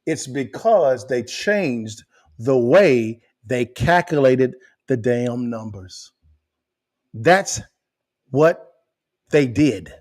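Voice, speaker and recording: A man hosting a podcast, giving animated commentary to viewers and repeating phrases for emphasis. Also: medium pitch, very slow, long pauses. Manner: emphatic, repeats phrases, rises to near shouting. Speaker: podcast host.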